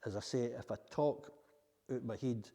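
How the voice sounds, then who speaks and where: A man's voice: mid-range voice, normal speed, creaky, mellow, husky. A Scottish man giving a public history talk to an audience in a hall, chatty and digressive while reading from his script. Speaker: local history speaker. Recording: long hall reverb.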